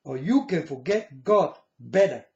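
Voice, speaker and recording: A man with a high but mellow voice lectures slowly, preaching at his viewers and pressing them over and over. The sound is dull and lo-fi, with a roomy echo. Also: lively intonation, creaky. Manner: lecturing, repeats "folks" and "you understand". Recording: echoey room, dull lo-fi sound.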